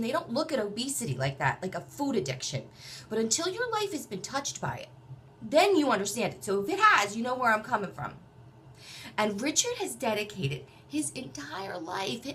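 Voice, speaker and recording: A woman telling a personal story in a chatty, animated way, acting out other people's voices. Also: on the high side, slight background noise. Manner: chatty, many fillers and restarts.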